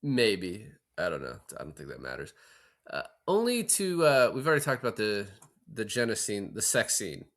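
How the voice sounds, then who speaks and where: A man's voice: fairly low pitch, sing-song, moderate pace, fairly bright tone. A man co-hosting a podcast, chatting casually about a movie and swearing freely as he retells scenes. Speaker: podcast co-host. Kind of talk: casual film-review chat.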